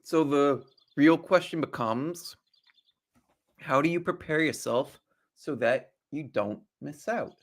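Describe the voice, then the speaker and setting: A man's voice: fairly high pitch, slow pace. A man hosting a live trading stream, chatty and casual, asking rhetorical questions and greeting viewers as they join.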